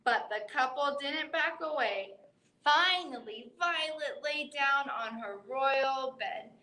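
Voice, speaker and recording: High, bright woman reading a bedtime story. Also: slow, roomy sound, poor audio. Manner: expressive, voicing animal sounds. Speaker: children's librarian reading aloud. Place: library room.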